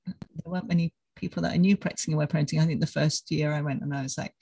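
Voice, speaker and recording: A woman hosting a podcast, reminiscing and offering encouragement in a relaxed conversational way. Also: sits low, very fast, vocal fry, slightly rough, no room sound, low-quality recording. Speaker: podcast host. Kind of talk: casual conversational interview.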